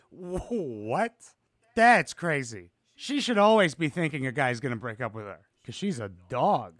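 A man's voice: a little high, sing-song, a little slow, a bit bright, dry recording, studio quality. A man hosting a podcast, giving crude, sarcastic comedic reactions to reality TV clips. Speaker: podcast host.

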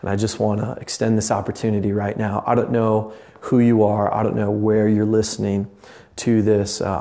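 A man's voice: fairly low pitch, vocal fry, warm tone. A man, a lay pastor, preaching a passionate, earnest podcast sermon that rambles with restarts. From Indiana, USA.

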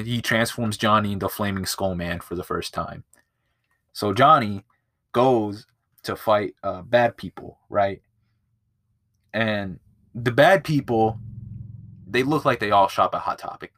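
A man hosts a laid-back movie-review podcast and rambles through it, full of swearing and filler words. His voice sits on the low side. The recording is dry and close-miked. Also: steady tone, measured pace, pauses often, fairly bright tone, dry recording. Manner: rambling and profane, with lots of filler. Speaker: podcast host.

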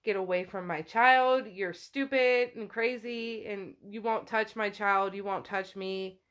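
A woman's voice: medium pitch, steady tone, unhurried, a bit bright, clean tone, lightly acted. A woman voicing a defiant, frightened heroine. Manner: defiant, shaken. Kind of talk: casual retelling of a novel.

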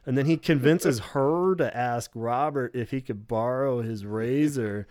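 A man's voice: medium pitch, unhurried, darkish tone, dry recording, studio quality. A man co-hosting a podcast in casual chat, rambling and swearing, with lots of filler "like". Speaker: podcast co-host.

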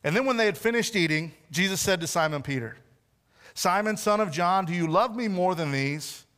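A man delivers a sermon in a fairly high voice, taking on the voices he quotes as he retells the story. He often sinks into soft, hushed tones. His voice trails into a long reverb. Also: expressive, moderate pace. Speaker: preacher.

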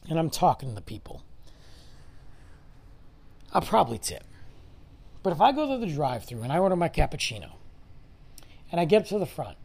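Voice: medium pitch, vocal fry, darkish tone, breathy edge. A middle-aged podcast host ranting in a solo episode, exasperated and firing off mocking rhetorical questions. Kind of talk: solo opinion rant.

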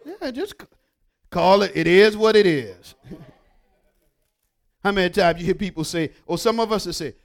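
High-voiced preacher swinging loud and soft. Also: male voice, animated, moderate pace, long pauses. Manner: call-and-response preaching, swings from hushed to emphatic. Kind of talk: sermon with scripture reading.

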